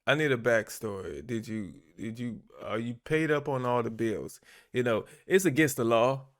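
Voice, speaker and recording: Animated man reacting with laughs. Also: mid-range voice, moderate pace. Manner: animated, laughing, repeats himself for emphasis. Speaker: reaction channel host. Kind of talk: casual commentary on clips.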